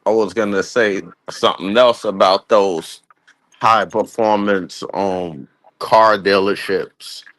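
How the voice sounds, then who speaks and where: A man's voice: on the low side, steady tone, slow pace, a bit bright, no echo, rough recording. A man co-hosting a podcast, chatting casually in a laid-back way. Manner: laid-back, brief interjections. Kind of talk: casual chat.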